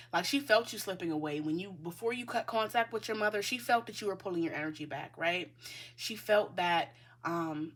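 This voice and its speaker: A woman with a fairly low voice gives a casual, chatty tarot reading over slight background noise. She's blunt, swears freely, and keeps calling her listeners "the collective."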